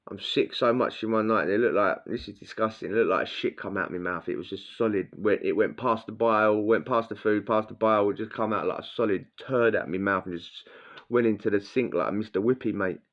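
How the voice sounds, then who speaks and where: A man's voice: lowish voice, a little fast. A man telling a blunt, crude prison story in casual slang, acting out what people said. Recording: dull lo-fi sound.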